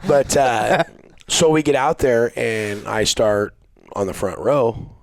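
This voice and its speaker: A middle-aged man, a race car driver guesting on a podcast, telling stories in casual chat, animated and profane, acting out what people said. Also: mid-range voice, slow pace, gravelly, dry recording. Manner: animated, profane, acts out quotes.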